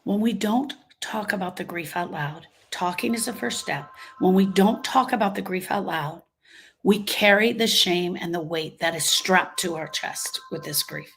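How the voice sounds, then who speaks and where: A woman's voice: on the low side, moderate pace, vocal fry, fairly bright tone, slight background noise. A woman grief coach giving an emphatic, motivational live talk, repeating her phrases and acting out what people say. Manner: emphatic, repeats phrases, acts out quoted voices.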